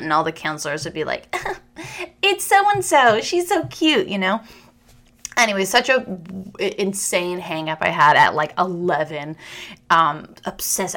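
A young adult woman hosting a podcast, talking in a chatty, rambling, self-deprecating way with restarts and quick laughs. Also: lowish voice, sharp tone. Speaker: podcast host. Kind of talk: casual chat monologue.

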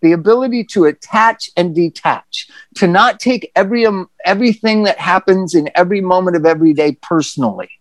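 A middle-aged person telling a personal story on a podcast in a candid, profane, animated way. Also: medium pitch, a little fast, hardly any pauses, dry recording. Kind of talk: casual storytelling chat.

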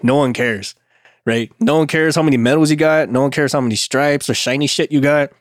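A man's voice: mid-range voice, fairly quick, dry recording, clean studio sound. A man chatting casually on a podcast, laid-back and profane, laughing often at his own stories. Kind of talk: casual chat.

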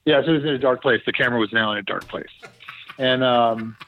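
A man, a TV producer and podcast guest, telling stories in a casual, animated way and acting out what others said. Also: mid-range voice, fast talker, muffled recording, a little hiss or hum. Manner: animated storyteller who acts out quotes. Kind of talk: casual anecdotal storytelling.

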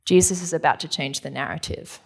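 Preaching fairly quickly, a woman pastor with a husky, somewhat low voice and vocal fry keeps her sermon earnest and conversational. Now and then she slips into casually acted-out quotes.

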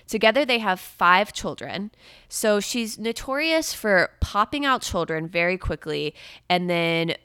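A woman's voice: lowish voice, sharp tone, clean tone, no echo, clean studio sound. A young adult woman hosting a podcast, talking in a casual chatty way, full of "like" fillers. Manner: chatty, filler-heavy with frequent "like". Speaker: podcast host. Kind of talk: casual chat.

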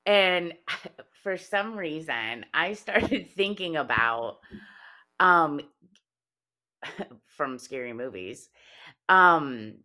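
Low-voiced, lively storytelling woman. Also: extremely slow, long pauses. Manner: animated storyteller, laughs often mid-sentence. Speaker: podcast co-host. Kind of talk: casual chat.

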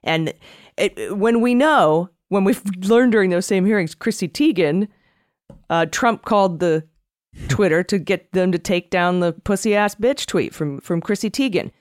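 A woman's voice: mid-range voice, unhurried, no echo, studio quality. A woman co-hosting a political podcast, talking in a blunt, casual way and swearing. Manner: blunt, casual, swears, laughs at her own jabs. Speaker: podcast co-host.

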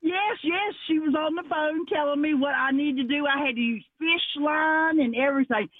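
Woman, radio caller, high voice, dry tinny phone line, excited and stumbling. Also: normal speed, no room sound. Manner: excited, stumbling restarts, laughing. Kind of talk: casual phone call.

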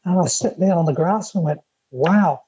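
A male podcast guest tells lively stories in a husky, warm voice. The sound is a dull, lo-fi remote line, dry with no room echo. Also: fairly high pitch, normal speed. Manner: lively anecdotal storyteller. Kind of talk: casual chat.

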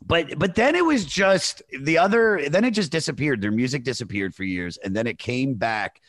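A comedian chatting casually on a podcast, telling a rambling, animated anecdote full of fillers. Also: male voice, mid-range voice, normal speed, dry recording. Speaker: comedian guest. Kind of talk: casual storytelling chat.

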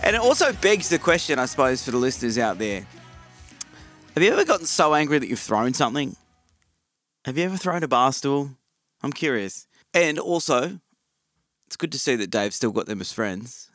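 A man's voice: medium pitch, moderate pace, long pauses, dry recording, faint music behind. A man with an Australian accent hosting a podcast, chatting casually with lots of ums. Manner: chatty, relaxed, many ums. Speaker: podcast host.

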